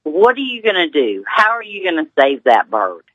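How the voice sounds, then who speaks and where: A woman's voice: on the low side, big pitch swings, normal speed, no echo, muffled recording. A woman from Georgia calling into a radio show, hesitant and emotional, often restarting her sentences. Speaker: radio caller. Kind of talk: call-in radio question.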